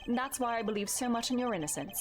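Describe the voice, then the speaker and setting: A proud, formal prosecutor, read aloud by a woman in a fairly high, lively voice, each line measured and composed. Quiet game music sits behind. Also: lightly acted. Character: proud male prosecutor, formal and self-reflective.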